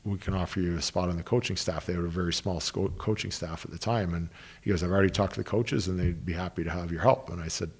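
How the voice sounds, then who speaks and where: A man's voice: low voice, fairly even intonation, fast talker, slightly rough. A man, a hockey coach, telling long anecdotes in an interview, restarting sentences and quoting people he worked with. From Canada. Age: 30s. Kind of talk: interview storytelling.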